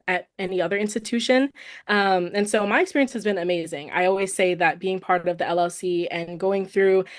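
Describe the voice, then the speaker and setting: A young woman, a first-year college student from the Bay Area, answering interview questions earnestly with frequent ums. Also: medium pitch. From San Francisco Bay Area. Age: young adult.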